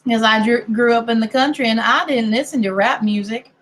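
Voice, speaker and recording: A young woman streams herself drawing and chats along in a loose, digressive way, laughing and tossing in playful asides. She's from Colorado and California, with a mixed American accent lightly touched by Kentucky Southern, and her voice is a little high, a little fast and a bit bright.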